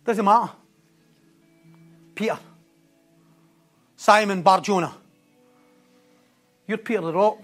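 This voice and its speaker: A male preacher giving an animated sermon, laughing often and putting rhetorical questions to the congregation. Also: high voice, slow, pauses often, faint music behind.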